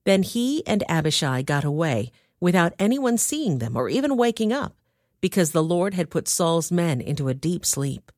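A woman reading scripture aloud in a steady, measured way. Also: on the low side, no echo, studio quality. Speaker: scripture reader. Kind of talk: Bible reading.

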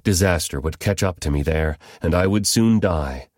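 A man's voice: sits low, moderate pace, darkish tone, dry recording, studio quality. A man reading the anxious, pleading words of a frightened host.

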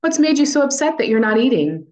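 A woman's voice: high voice, big pitch swings, fast, a little mellow, pitched above the performer's own voice. A woman reading the lines of a scheming, contemptuous queen in a Bible passage, in an emphatic, demanding way.

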